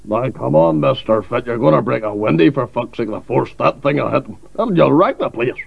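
Gravelly northern irish guy, swearing and threatening, voice jumps all over, faint tape hiss. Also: mid-range voice, animated, fairly quick. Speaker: comedy sketch performer playing the host. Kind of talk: crude comedy sketch.

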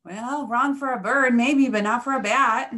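A woman's voice: a little high, lively intonation, normal speed, fairly bright tone, voice pushed up. A woman reading a picture book aloud, voicing a self-assured bat who is amused, speaking firmly and emphatically. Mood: matter-of-fact.

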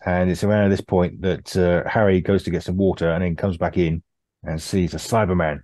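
Brief: male podcast co-host, very low voice, dry close sound, relaxed recapper. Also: normal speed, dry recording. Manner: laid-back, recounts plot with frequent laughs and fillers. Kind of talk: casual chat recapping an episode.

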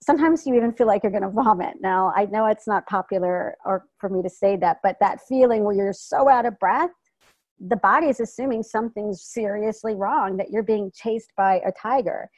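A woman coaching an online community on a video call, speaking in an animated, enthusiastic way. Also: mid-range voice, moderate pace, no room sound. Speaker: wellness coach. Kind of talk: online community health talk.

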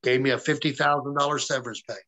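A man in an interview tells stories bluntly and swears freely, slipping into the voices of people he quotes. His voice is bright and forceful at a middle pitch. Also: flat delivery, quick pace, low-quality recording. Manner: profane, blunt, quotes others in dialogue. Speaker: interview guest, former pro wrestler. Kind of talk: casual storytelling interview.

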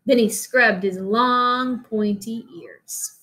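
Slow, expressive woman teacher reading aloud. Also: a little high, poor audio. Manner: slow, expressive, asks children questions. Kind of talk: reading a picture book aloud to children.

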